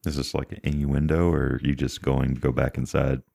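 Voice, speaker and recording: Extremely deep, gravelly male player. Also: level tone, fairly quick, warm tone. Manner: joking and laid-back. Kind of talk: casual tabletop play.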